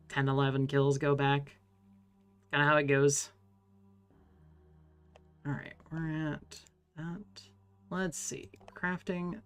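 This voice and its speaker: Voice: medium pitch, clean tone. A streamer in their thirties chatting loosely while playing a game, swearing and laughing often. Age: 30s. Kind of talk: casual chat while gaming.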